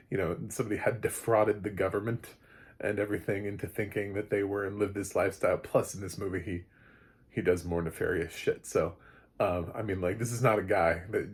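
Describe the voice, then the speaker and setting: A man's voice: fairly low pitch, breathy edge. A man reviewing a film in a casual, rambling, joking way, full of fillers and the odd swear word. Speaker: movie reviewer.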